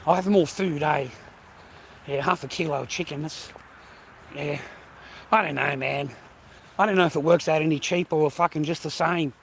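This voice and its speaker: A middle-aged Australian vlogger walks down a street outdoors, out of breath from carrying a heavy bag, chatting and swearing while calling viewers mate and bro. His voice is on the high side and gravelly, at normal speed with frequent pauses, and faint traffic noise can be heard.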